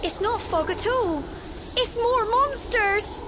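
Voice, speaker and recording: A woman's voice: very high voice, lively intonation, slow, heavy background noise, heavily acted. A woman voicing a plucky blonde girl sidekick in a video game, with a British accent, calling out spirited battle cries. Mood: wondering. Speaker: game companion character. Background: loud game music.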